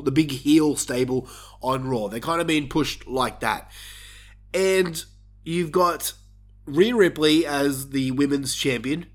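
A man with a slightly high voice rants through his predictions and gets worked up. He is sick and coughs, and his talk is loose and blunt. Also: fairly bright tone. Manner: opinionated, ranting, worked up. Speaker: wrestling podcast host. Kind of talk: casual solo predictions rant.

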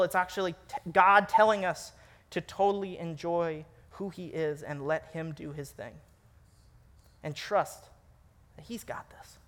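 A young man delivering a sermon in a high, light voice. He tells stories with animated energy and pokes fun at himself along the way. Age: young adult. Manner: animated storytelling, laughs at himself. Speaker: preacher.

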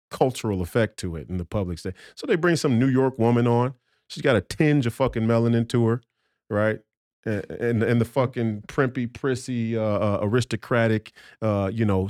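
A man's voice: lowish voice, a little mellow, no room sound, studio quality. A man talking as a podcast guest in a heated, profane rant, emphatic and combative, often restarting his sentences.

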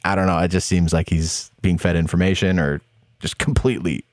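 A man's voice: sits low, steady tone, fairly quick, no room sound. A man in a casual political chat who talks bluntly and emphatically, with plenty of swearing.

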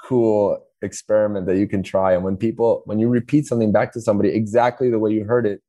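A man's voice: fairly low pitch, flat delivery, quick pace, dark tone, no echo. A man guest on a podcast, explaining ideas by acting out short dialogues, with many restarts. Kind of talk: casual interview talk.

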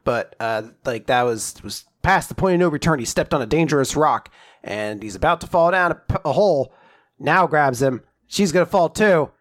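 A man's voice: mid-range voice, lively intonation, a little fast, a bit bright. A young man in casual chat, animatedly retelling a chapter and jumping into character voices as he goes. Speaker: podcast co-host recapping a manga chapter.

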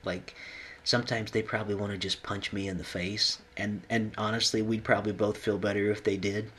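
Earnest low-voiced male chaplain. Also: flat delivery, a bit bright, slightly rough. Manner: earnest, pausing, gets choked up. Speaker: hospital chaplain. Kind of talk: reflective conversation.

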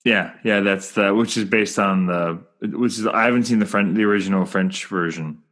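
A man with a somewhat low voice talks films casually with friends. He thinks aloud, drifting and restarting his sentences as he goes. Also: normal speed, a bit bright. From Ontario, Canada. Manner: musing, trails off into restarts. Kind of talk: casual film discussion.

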